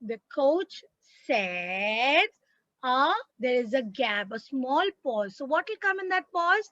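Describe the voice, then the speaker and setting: A woman with an Indian English accent teaches grammar in an emphatic, repetitive way and keeps checking that her students follow. Her voice is high and bright. The recording is dry and a little muffled. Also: very animated, takes it slowly, no echo. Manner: emphatic, repeats and checks with "Clear?". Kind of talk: classroom grammar lesson.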